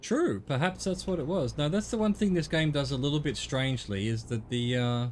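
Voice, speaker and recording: A man's voice: a little high, a little fast, slight background noise. A middle-aged man with an Australian accent, streaming a game and chatting casually, rambling and correcting himself as he goes. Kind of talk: casual chat while gaming.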